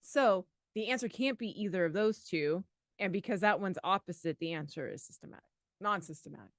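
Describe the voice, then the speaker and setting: A woman co-hosting a live exam study lesson, chatty and quick to laugh, thinking aloud through answers. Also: mid-range voice, no room sound, clean studio sound. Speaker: exam prep co-host.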